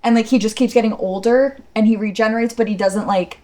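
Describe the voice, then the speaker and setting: A woman's voice: fairly high pitch, fairly even intonation, quick pace, warm tone. A young woman co-hosting a casual podcast, chatting enthusiastically about a TV episode and sharing fun facts with a laugh. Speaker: podcast co-host. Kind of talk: casual chat reviewing a TV episode.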